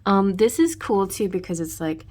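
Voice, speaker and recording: A woman's voice: mid-range voice, lively intonation, normal speed, mellow. A woman giving a casual tarot reading in a rambling way, full of restarts and "you know". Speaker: tarot reader.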